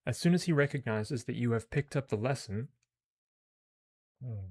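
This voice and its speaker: A man's voice: medium pitch, expressive, normal speed, a little mellow. A man playing a game on stream, reading its story text aloud and muttering casual asides to himself.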